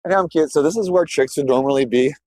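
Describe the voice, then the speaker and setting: A man's voice: a little high, fast, darkish tone, no room sound, rough recording. Rambling man live-streaming on a walk. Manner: loose, rambling and chatty, talks to chat viewers. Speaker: livestreamer. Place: outdoors, walking through a neighborhood.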